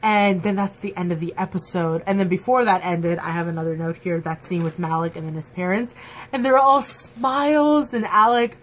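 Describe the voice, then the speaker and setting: A woman's voice: lowish voice, moderate pace, a little hiss or hum. Gushing woman fan reviewing an episode. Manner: gushing, excitable, full of "like" and fillers. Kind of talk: casual fan review chat. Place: at home, dog nearby.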